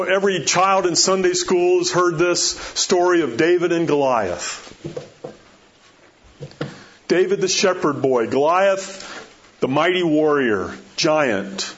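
A man's voice: medium pitch, a bit bright. A man pastor preaching a sermon, emphatic and storytelling, repeating rhetorical questions. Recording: dull lo-fi recording.

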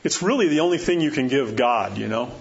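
A man's voice: mid-range voice, expressive, fairly quick, gravelly. A man preaching a sermon in a conversational way, often checking in with his listeners through rhetorical questions. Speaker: pastor. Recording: dull lo-fi sound with faint noise.

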